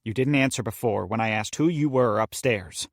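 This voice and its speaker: A man voicing a wary, brisk woman doctor who speaks curtly and practically. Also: fairly low pitch, dry recording, clean studio sound, lightly acted. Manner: curt, practical.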